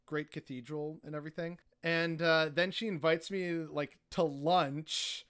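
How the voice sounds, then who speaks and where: A man's voice: fairly high pitch, fairly even intonation, measured pace, fairly bright tone, clean tone. A man telling travel stories as a podcast guest, rambling casually and filling his talk with "like" and "you know". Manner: rambling, heavy on filler words like "like" and "you know".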